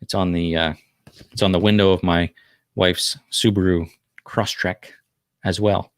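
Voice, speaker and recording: A man's voice: deep voice, moderate pace, dry recording, studio quality. A man in his fifties with a New Jersey accent, hosting a casual livestream and chatting in a rambling way with lots of fillers. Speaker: livestream host.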